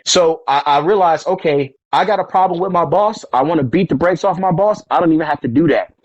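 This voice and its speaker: Casual man spinning stories, acts out the quotes, slangy, kinda high-pitched. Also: brisk, no echo, dull audio. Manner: animated, acts out quoted voices, street slang. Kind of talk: casual storytelling conversation.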